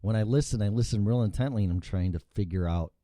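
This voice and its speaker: A man's voice: fairly low pitch, fast, mellow, no room sound. A man from Chicago with a Chicago accent, hosting a casual talk show and chatting bluntly, swearing freely as he tells stories. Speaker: radio show host. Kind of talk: casual chat.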